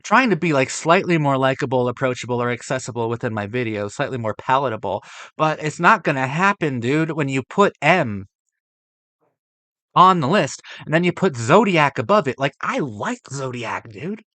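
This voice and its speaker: A young man reacting to a movie ranking, swearing often and swinging between loud exasperated outbursts and low muttering. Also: lively intonation, moderate pace, no echo. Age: young adult. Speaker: film reaction vlogger. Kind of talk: ranting reaction to a movie list.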